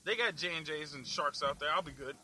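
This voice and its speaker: A man's voice: fairly high pitch, fairly quick, pushed and bright, a little hiss or hum, poor audio. Foul-mouthed man ranting in his car. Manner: angry, foul-mouthed, laughing at himself. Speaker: vlog host. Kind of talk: profane ranting while driving. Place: in a car in the city.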